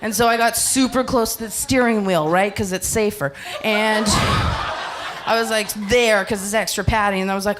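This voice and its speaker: A woman's voice: mid-range voice, moderate pace, background noise. A young woman performing a stand-up comedy set on a club stage, telling a story and acting out the voices of people in it, often laughing as she talks. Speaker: stand-up comic.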